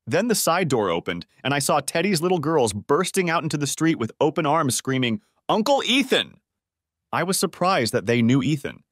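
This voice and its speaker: A man reads a first-person story aloud in an audiobook style. His pitch moves a lot as he shifts between narration and the characters' lines. The recording is dry and close, with no room sound. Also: no room sound. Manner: lively storytelling, lightly voicing each character.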